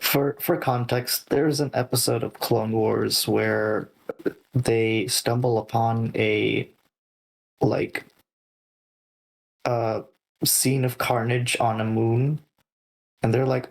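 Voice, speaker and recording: A man chatting on his stream in a middle-pitched voice. He rambles through stories with lots of quick asides. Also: level tone, gravelly, rough recording. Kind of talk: casual chat.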